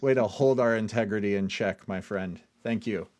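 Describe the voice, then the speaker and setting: Low-voiced man co-hosting a tech show. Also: moderate pace, a little hiss or hum. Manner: upbeat, jokey, gives shout-outs. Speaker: show co-host. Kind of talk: casual technical chat.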